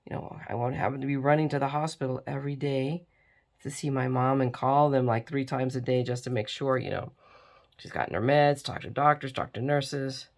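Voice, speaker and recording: A middle-aged woman hosts a crafting tutorial, chatting casually as she works while tired and yawning. Her voice is a rumbling low with vocal fry, fairly even intonation, and a moderate pace.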